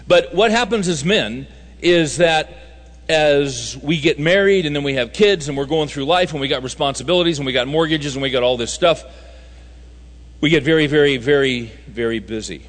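A man's voice: a little high, moderate pace. A man speaking at a men's conference, telling folksy stories with humor and driving his points home through repetition. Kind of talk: sermon. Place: large conference hall. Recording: reverberant hall recording.

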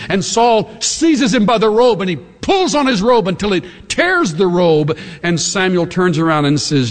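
Slow-preaching man in a reverberant hall. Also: lively intonation. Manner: dramatic, acting out quoted voices with big pitch swings. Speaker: pastor. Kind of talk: sermon. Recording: long reverb of a large hall.

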